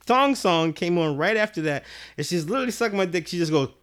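A man hosting a podcast, telling a rambling, profane story and acting out the other people's voices with big jumps in tone. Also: fast talker. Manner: animated, acts out voices with big pitch jumps; profane, rambling with many restarts. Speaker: podcast host. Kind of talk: casual storytelling chat.

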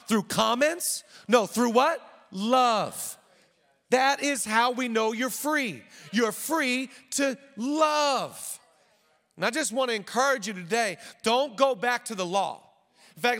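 High-voiced male pastor in echoing hall. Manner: lively preaching with joking asides; repeats phrases for emphasis. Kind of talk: sermon. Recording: long reverb of a large hall.

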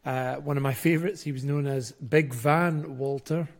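A man co-hosting a casual wrestling podcast, animated and full of rhetorical questions and mock quotes. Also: medium pitch, moderate pace, creaky. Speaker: podcast co-host. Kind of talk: casual chat.

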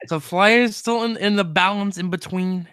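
Man, podcast host, sports talk, energetic, stumbling restarts, dry close recording. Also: sits high, normal speed, clean tone, dry recording. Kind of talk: casual sports podcast chat.

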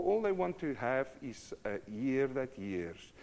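A middle-aged man preaching a sermon in a conversational, animated way, acting out little scenes. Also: mid-range voice, slow. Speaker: pastor.

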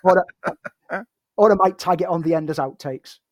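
Bloke, wry sarcastic podcast chat, bit higher voice, dry mic. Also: male voice, normal speed, dry recording. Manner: wry, sarcastic, laughs often. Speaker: podcast co-host. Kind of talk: casual chat.

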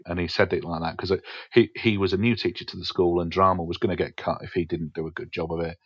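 Low, flat-voiced English man telling his story. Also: quick pace, husky, dry recording. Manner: reflective, frank, swears casually, many fillers. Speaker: podcast guest, stand-up comedian. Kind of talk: candid interview storytelling. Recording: dull, dry podcast audio.

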